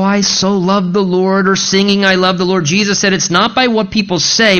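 A male pastor preaching an expository sermon, slowing down deliberately when he reads scripture aloud. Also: high-pitched, fairly bright tone, highs cut off. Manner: slows to read scripture aloud.

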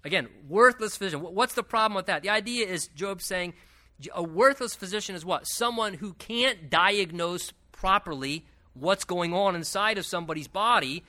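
A man in the pulpit works through a Bible passage verse by verse, his voice sitting high. He sounds conversational and animated, dropping in asides and correcting himself on the fly.

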